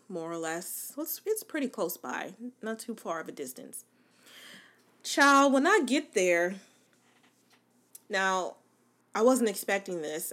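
A woman hosting her own podcast, telling a story in a chatty, colloquial way, laughing often and talking straight to her listeners. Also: medium pitch. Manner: animated, playful asides to listeners. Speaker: podcast host. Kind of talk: casual storytelling monologue.

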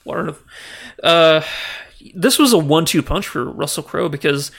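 A young man co-hosting a movie podcast, rambling with many restarts and quick laughs, easily moved. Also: a little high, lively intonation, gravelly, fairly bright tone. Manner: rambling, restarts, laughs often, gets emotional. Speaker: podcast co-host. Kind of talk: casual movie chat.

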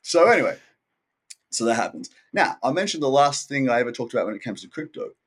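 A man with a husky, somewhat hoarse voice of medium pitch, the guest on an interview podcast. He talks in an easygoing, slangy way, full of casual filler words. He tells his story with energy and acts out other people's remarks as he goes. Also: fast talker. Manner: animated storytelling, acting out what others said.

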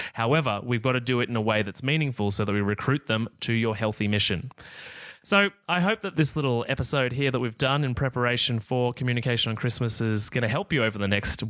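A man's voice: mid-range voice, a bit bright, no room sound. A middle-aged man, talking casually on his solo podcast and acting out example conversations. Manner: casual, chatty, acts out example dialogue. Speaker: podcast host.

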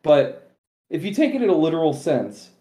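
Male podcast co-host, casual and animated, swears freely, echoey room. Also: on the high side, moderate pace. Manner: animated, swears, laughs at his own points. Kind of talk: casual chat.

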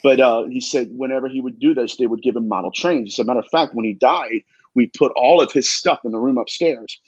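A man, a demonologist guest, tells an earnest, emphatic story in a husky voice and often repeats himself. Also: medium pitch, brisk, darkish tone, no echo, dull audio. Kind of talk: animated storytelling.

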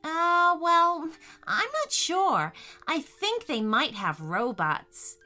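A woman voicing a thoughtful yet excitable little girl with a sing-song way of talking. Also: sits high, extremely slow, soft background music, voice pushed up, full character voice.

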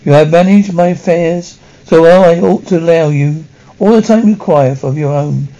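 A man's voice: a little high, moderate pace, mellow, natural voice. A man voicing a kindly older shipowner who speaks to his sailor in an encouraging way. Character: kindly older male shipowner, generous employer. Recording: dull lo-fi recording.

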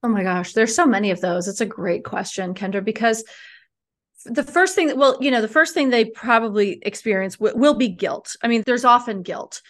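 Animated, frank woman with a brightish voice. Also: on the high side, normal speed. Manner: animated, frank, casually profane. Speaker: divorce coach, guest. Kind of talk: conversational podcast interview.

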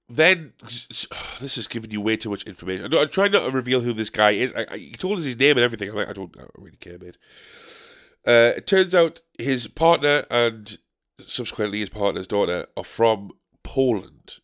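A man's voice: medium pitch, lively intonation, normal speed, fairly bright tone. A man, a stand-up comedian, telling a story in an exasperated, ranting way and swearing freely. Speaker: stand-up comedian and pub quiz host. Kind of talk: casual storytelling monologue.

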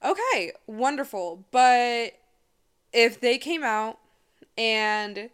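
Twenties woman hosting a personal podcast. Smooth, mid-pitched voice. Casual and heartfelt, full of "like". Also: normal speed, fairly bright tone. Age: 20s. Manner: chatty and emotional, lots of "like" and "I mean". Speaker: podcast host.

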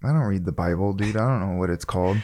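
A man co-hosts a casual podcast in a relaxed, joking way. His voice sits somewhat low, and he laughs often as he talks. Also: fast, a little hiss or hum. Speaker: podcast co-host.

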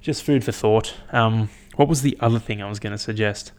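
A young vlogger rambles to camera, his slightly low voice a little mellow and his pace fairly quick. Unscripted and blunt, he curses freely, peppers his speech with "like" and "um," and hops between thoughts.

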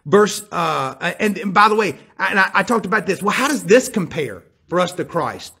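A man preaching a sermon that mixes a personal story with scripture. He shifts between hushed, quiet passages and emphatic, building ones. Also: high-pitched, moderate pace, hardly any pauses, husky. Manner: animated storyteller, drops to hushed tones then builds emphatically.

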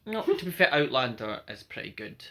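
A young woman with a strikingly deep voice, chatting casually on a podcast. Her tone is bright and forceful. She teases dryly and laughs easily. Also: very animated, a little fast. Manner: wry, teasing, laughs often. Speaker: podcast co-host. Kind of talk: casual chat.

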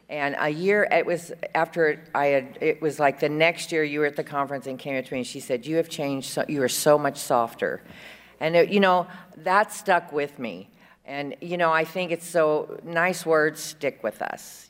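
A woman's voice: sits low, long reverb tail. A woman speaking at a women's conference, chatty and rambling, full of fillers and fond asides. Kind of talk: recovery share at a conference. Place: conference hall.

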